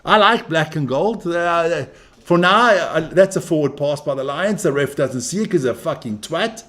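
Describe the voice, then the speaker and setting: A man's voice: on the high side, animated, moderate pace, a bit bright. A man hosting a live stream as he watches a rugby match, joking, swearing and chatting with viewers and with people in the room. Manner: brash, profane, joking banter.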